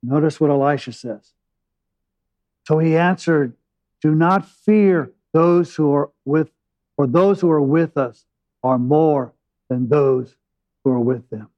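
A preacher gives a sermon, retelling an old scripture story in his own words with dramatic pauses and asides. His voice is slightly high for a man and warm in tone, though the highs are cut off, and he slows on key phrases, pausing before stepping out to explain.

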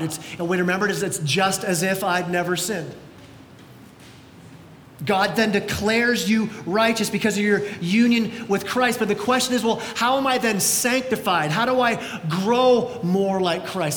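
A middle-aged male pastor preaching a sermon, energetic, often repeating words as he goes. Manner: energetic, repeats words, acts out quoted voices. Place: large church sanctuary. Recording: echoey church hall with faint rumble.

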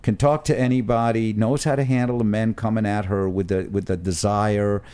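A man's voice: fairly low pitch, fairly even intonation, moderate pace, dark tone, clear, resonant tone. A man telling a story animatedly while chatting as a guest on a podcast recorded at home. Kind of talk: casual chat.

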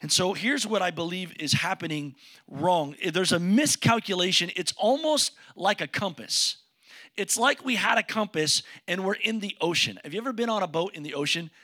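A man's voice: high-pitched, moderate pace, sharp tone. A man preaching a sermon as pastor, casual and joking, asking his congregation questions as he speaks. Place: church sanctuary with congregation.

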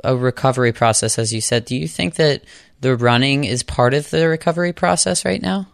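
A man hosts a podcast interview with a smooth, clear voice. He asks his questions gently and kindly, and the sound is close and dry, with no room echo. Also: mid-range voice, a little fast. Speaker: podcast host.

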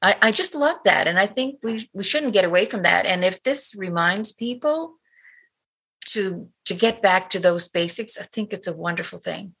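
A woman's voice: mid-range voice, normal speed, breathy edge. An older woman from Cape Breton, Canada, a guest in an interview, telling stories animatedly and acting out what people said. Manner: animated storyteller, acts out quotes. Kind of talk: conversational interview.

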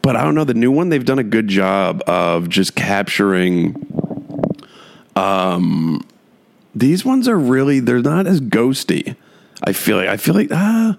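Male podcast host with a low, gravelly voice; loose, rambling solo chat full of fillers. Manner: rambling, filler-heavy, chuckling often.

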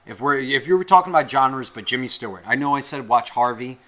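Bright-voiced man ranting profanely on a podcast. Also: mid-range voice, lively intonation, fast. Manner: profane, heated and rambling. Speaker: podcast co-host. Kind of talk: casual podcast rant.

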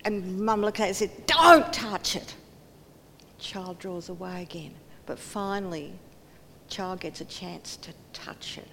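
A woman's voice: steady tone, moderate pace, gravelly. A woman giving a sermon in earnest tones, acting out quoted voices and dropping to near whispers. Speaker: preacher. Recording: hall reverb, faint rumble.

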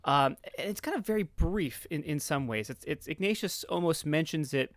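A man's voice: a little high, animated, moderate pace, no room sound, clean studio sound. Earnest man with a Philly accent. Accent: Philadelphia. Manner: earnest, many stammered repeats and fillers. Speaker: podcast guest. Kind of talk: explaining in casual conversation.

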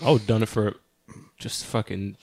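A man co-hosting a podcast, reacting to movie talk with teasing jokes and quick asides. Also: lowish voice, gravelly, dry recording. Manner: jokey, teasing, animated reactions. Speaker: podcast co-host. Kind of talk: casual movie-review chat.

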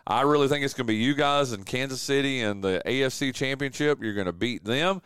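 A man with a medium-pitched, somewhat bright and clean voice hosts a sports talk radio show from a studio, speaking a little fast on a dry recording. Hailing from southwestern Virginia, he chats casually and emphatically and uses "dude" a lot.

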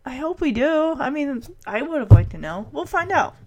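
A woman giving a casual, animated recap of a TV episode, laughing as she acts out the characters. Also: high-pitched, normal speed. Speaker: show recap host.

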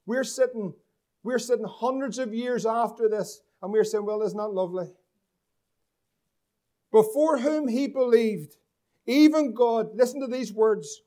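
A man's voice: extremely high pitch, unhurried, long pauses, dark tone. A man from preaching a sermon as pastor, asking the congregation questions and drawing out key words for emphasis.

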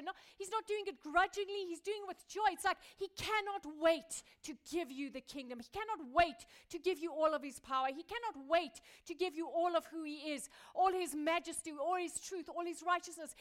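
A woman pastor preaching a sermon, building through repeated phrases and dropping from loud emphasis to a hushed near-whisper. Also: sits high. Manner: repetitive rhetorical building.

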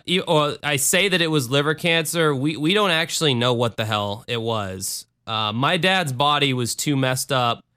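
A man hosting a podcast, talking in a dry, sarcastic deadpan with rambling restarts. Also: mid-range voice, smooth. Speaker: podcast host. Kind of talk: casual podcast monologue.

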